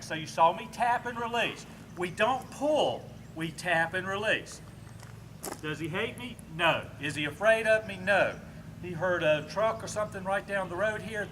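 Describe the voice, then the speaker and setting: A man working as a dog trainer, calmly explaining a training demonstration and giving short, firm commands to a dog. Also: sits high, noisy background.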